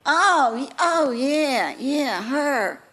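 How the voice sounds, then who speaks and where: A woman's voice: high voice, lively intonation, drawn-out words, fairly bright tone, heavily acted. A woman playing an elderly retired first-grade teacher, rambling through folksy, gossipy stories. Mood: rambling reminiscing. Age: older.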